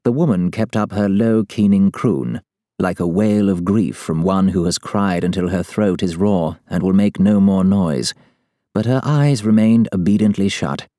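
Male narrator for a period tale: very deep, dry close sound, formal and measured. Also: warm tone, dry recording. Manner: measured, formal, old-fashioned diction. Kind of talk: first-person storybook narration as a letter.

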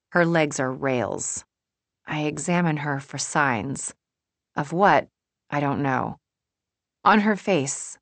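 A woman narrating a first-person novel in a measured, wry way. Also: a bass voice, no room sound. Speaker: audiobook narrator.

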